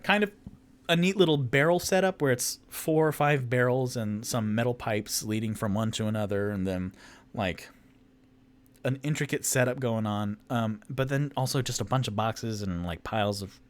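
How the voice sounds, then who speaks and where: A man's voice: mid-range voice, moderate pace. A man narrating a solo tabletop game as game master, rambling with many fillers and restarts. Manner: rambling, filler-heavy, lively.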